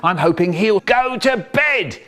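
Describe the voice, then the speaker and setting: Animated man telling a comic story. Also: high-pitched, a little slow. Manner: animated, playful, voices the characters. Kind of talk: comic story reading, edited into a remix.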